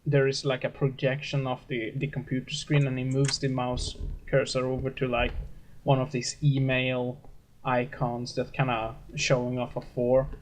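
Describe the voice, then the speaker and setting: A man narrating a tabletop role-play as game master, halting and full of hesitations. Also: medium pitch, completely flat delivery, a little hiss or hum. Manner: hesitant, many fillers and restarts.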